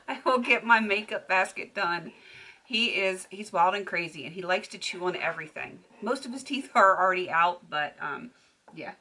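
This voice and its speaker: A woman's voice: fairly low pitch, moderate pace, pushed and bright. A woman beauty vlogger chatting casually to camera at home, laughing often as she talks. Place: home filming room.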